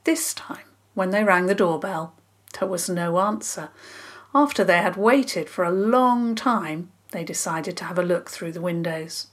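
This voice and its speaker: A woman calmly narrating a children's story in a measured, scripted reading. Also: fairly low pitch.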